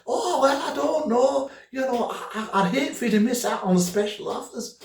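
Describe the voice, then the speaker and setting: A woman's voice: a little high, animated, normal speed, creaky, a little mellow, roomy sound, recorded from a distance, a little hiss or hum, pitched above the performer's own voice. Man doing a chatty Scottish phone lady. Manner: overly friendly, sing-song, keeps chatting. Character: chatty Scottish woman phone operator, endlessly talkative.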